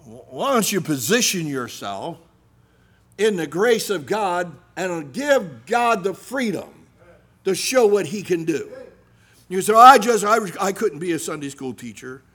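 A middle-aged man preaching a sermon, animated, swinging between loud emphasis and hushed asides. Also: sits high, unhurried, husky.

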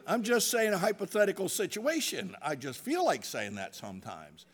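A middle-aged pastor preaching from the pulpit in a slightly higher-than-usual man's voice. He swings from loud emphatic bursts down to quiet, hushed asides, and stops to check in with the congregation. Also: big pitch swings, moderate pace, breathy edge. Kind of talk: sermon.

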